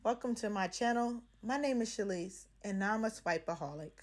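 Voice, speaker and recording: A woman's voice: medium pitch, normal speed. Chatty young woman vlogger. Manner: playful, chatty, slangy. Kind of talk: casual DIY tutorial.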